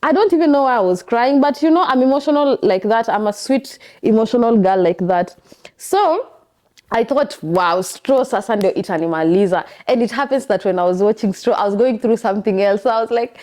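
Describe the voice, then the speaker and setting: A young woman with a Kenyan accent, hosting a podcast in a chatty, expressive monologue. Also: on the high side, a little fast. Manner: chatty, expressive, animated storytelling. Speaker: podcast host. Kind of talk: casual monologue.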